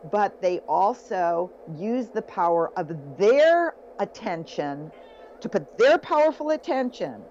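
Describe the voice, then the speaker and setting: On slightly dull lo-fi audio with a bit of background noise, a woman speaks in a warm voice that sits on the low side. She's a self-help author chatting casually as an interview guest, eagerly recounting success stories.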